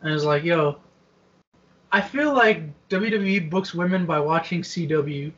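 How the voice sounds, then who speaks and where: High-voiced, laid-back man on a call. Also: unhurried, fairly bright tone, far from the mic. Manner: laid-back, laughs often, slangy. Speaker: wrestling podcast co-host. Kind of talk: casual chat over video call. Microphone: video call. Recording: dull lo-fi video call audio.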